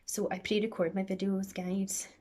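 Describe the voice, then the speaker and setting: A woman's voice: mid-range voice, flat delivery, normal speed, warm tone. A woman with a Scottish accent chatting and rambling through a makeup tutorial for her vlog, often dropping into a near whisper. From Scotland. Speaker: makeup vlogger.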